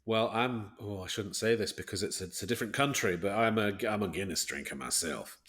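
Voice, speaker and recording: A man chatting as a guest actor on a video call, jokey and chuckling, trailing off softly. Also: lowish voice, brisk. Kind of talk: casual chat.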